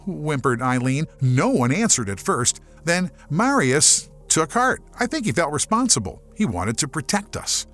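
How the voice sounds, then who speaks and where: A man from Germany narrating a horror audiobook as a scripted, expressive storyteller. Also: on the high side, unhurried, few pauses, faint music behind.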